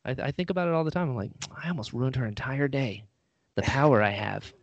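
A man's voice: mid-range voice, expressive, fast, lo-fi sound, slight background noise. A man telling a story in casual chat, animatedly acting out what people said.

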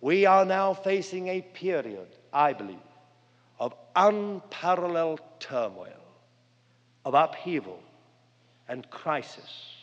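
Older male preacher with a fairly high voice; dramatic, earnest sermon delivery; dull lo-fi hall recording. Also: very animated, takes it slowly. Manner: earnest, dramatic storytelling with wide swings of pitch and loudness. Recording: long hall reverb, dull lo-fi sound.

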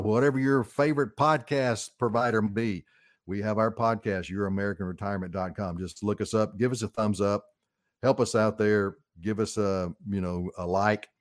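A man's voice: on the low side, no echo, clean studio sound. A middle-aged man with an Arkansas Southern accent, hosting a radio financial talk show in a folksy, upbeat way.

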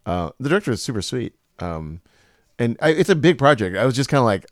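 A man co-hosting a casual chat, telling stories in an animated way. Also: mid-range voice, fast talker, no room sound, clean studio sound. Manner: animated storytelling, puts on accents from scripts. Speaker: podcast co-host.

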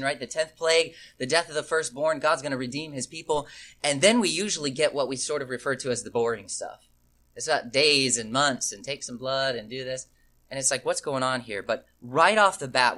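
A man's voice: medium pitch, pushed and bright. A man reading scripture aloud and then explaining it verse by verse, emphatic and repeating key phrases for weight. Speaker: Bible teacher.

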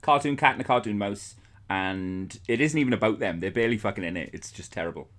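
A man's voice: lowish voice, animated, fast talker, a bit bright. A man co-hosting a podcast, giving blunt, swear-filled, scathing movie verdicts in casual chat. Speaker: podcast co-host.

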